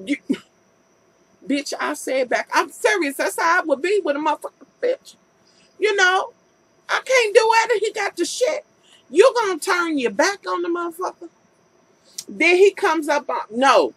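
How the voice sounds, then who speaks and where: A woman's voice: high voice, a bit bright, no echo, low-quality recording. A woman vlogger recapping a TV episode in a casual, profane rant, acting out scenes with incredulous commentary.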